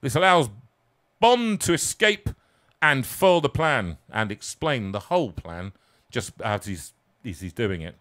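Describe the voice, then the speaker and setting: A man reading his own comic story aloud, theatrical and self-mocking, moving from hushed asides to loud peaks. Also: medium pitch, big pitch swings, unhurried.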